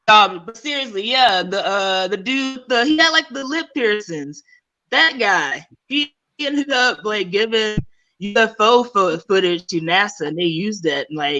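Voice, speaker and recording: A woman doing casual stand-up over a video call, with a bright, forceful voice. She rambles, laughs at her own jokes and swears freely in a loose, playful way. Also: mid-range voice, animated, measured pace, lo-fi sound. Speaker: stand-up comedian.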